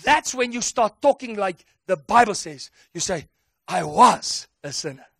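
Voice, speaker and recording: A man preaching a sermon with emphatic call-and-response delivery that builds to excited shouts. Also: high voice, a little slow, vocal fry, breathy edge, no echo, studio quality.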